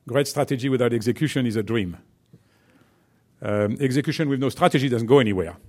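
A man's voice: medium pitch, quick pace, a little mellow. Man, French accent, executive, talk to business students, chatty, lots of fillers, asks "right?". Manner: chatty, many fillers and "right?" check-ins.

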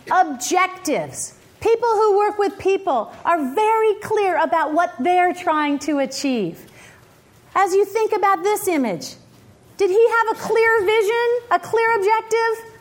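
A woman's voice: extremely high pitch, slow pace. A middle-aged woman giving a motivational leadership talk, telling stories animatedly and asking the audience questions. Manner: animated storytelling with laughs and acted quotes. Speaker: leadership speaker.

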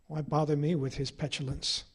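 Here a middle-aged author addresses an audience, weaving ironic, wry anecdotes at a normal speed. His husky voice is a touch higher than most men's, and his tone stays level.

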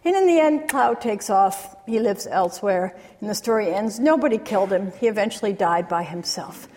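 A woman giving an academic lecture, retelling stories in a measured way with pauses. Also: fairly high pitch, warm tone. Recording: long reverb of a large hall.

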